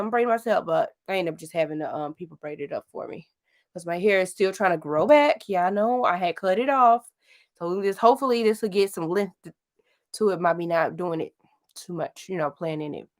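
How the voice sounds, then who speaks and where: This St. Louis woman in her late thirties hosts a livestream, where she rambles through casual chat and laughs a lot. She speaks on the low side and fairly quickly.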